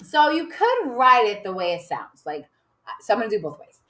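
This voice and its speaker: A woman teacher slowly modeling a writing lesson for young children, sounding out letters with cheerful emphasis. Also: a little high, sing-song, a bit bright. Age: adult. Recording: echoey room.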